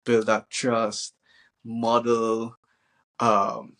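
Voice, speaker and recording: A male podcast host with a voice of middling pitch chats in a loose, slangy way. He reacts with easy enthusiasm and speaks casually throughout. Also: monotone, very slow, fairly bright tone. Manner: laid-back, slangy, enthusiastic. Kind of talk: casual interview chat.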